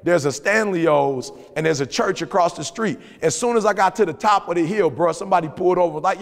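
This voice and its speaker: A man co-hosting a podcast, giving motivational advice in casual talk, telling stories with animated emphasis and repeated phrases. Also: high voice, fairly quick, hardly any pauses, in a large hall. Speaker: podcast co-host.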